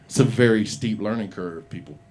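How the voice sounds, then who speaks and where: A man's voice: on the low side, a little fast, a little mellow. A middle-aged man doing open mic stand-up, rambling and profane, laughing at his own jokes in a small comedy bar.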